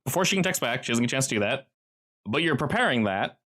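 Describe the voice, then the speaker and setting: Animated game master man. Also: mid-range voice, fast talker. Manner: explanatory, laughs often. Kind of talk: narrating a tabletop game.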